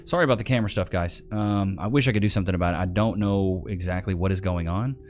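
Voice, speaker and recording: A man's voice: low voice, fast, darkish tone, soft background music. A man hosting a reaction video, mocking the clips he plays in a sarcastic commentary style.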